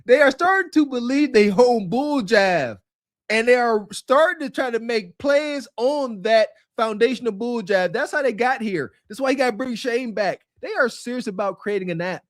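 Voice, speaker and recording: Male podcast co-host, higher register, emphatic lecturing delivery, dry mic. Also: lively intonation, normal speed, no echo. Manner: preachy, laughing, emphatic. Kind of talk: casual podcast commentary.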